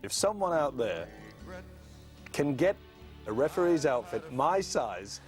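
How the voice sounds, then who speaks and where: A man's voice: fairly high pitch, sing-song, unhurried, soft background music. An older man working as a sports pundit, cheeky and self-mocking in studio banter.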